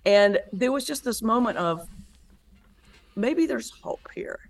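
A woman pastor and comedian, a guest in an interview, telling stories in a lively, animated way. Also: on the high side, slow pace, creaky. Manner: animated storyteller, lively retelling with laughs. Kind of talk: conversational interview.

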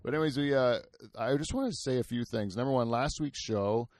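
A man's voice: medium pitch, brisk, darkish tone, no room sound, studio quality. A man hosting a podcast in casual, rambling chat, full of fillers, restarts and swearing. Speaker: podcast host.

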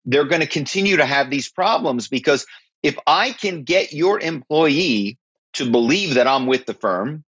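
A man telling stories as an interview guest, emphatic and animated, often checking in with "right?". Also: a little high, normal speed, breathy edge, no echo. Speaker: guest, former actor and corporate spy. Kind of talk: interview conversation. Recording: slightly dull, dry.

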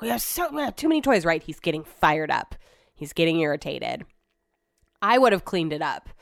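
A woman's voice: lowish voice, fairly bright tone, clean tone, no room sound, studio quality. A woman hosting a podcast from home, talking in a rambling, casual way and swearing freely. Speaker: podcast host. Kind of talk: casual solo chat.

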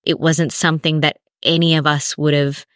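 A woman speaking as a podcast guest, telling a personal story in a candid, animated way. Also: deep voice, normal speed, no room sound, clean studio sound. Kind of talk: emotional personal conversation.

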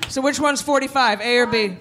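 High-voiced man hosting a live comedy game. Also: brisk, loud music behind the voice, a loud crowd. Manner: playful, laughing, quiz-running banter. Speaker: comedy show host. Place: comedy club stage. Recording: live club audience behind.

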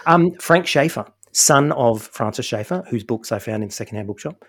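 A man co-hosting a podcast in casual chat, joking and animated. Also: mid-range voice, moderate pace. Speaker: podcast co-host.

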